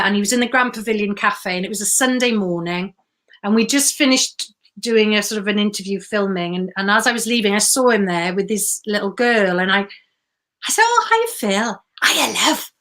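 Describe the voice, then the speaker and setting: Bright woman telling stories. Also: medium pitch. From Wales. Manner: chatty storyteller, quick asides. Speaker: guest. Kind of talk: casual chat.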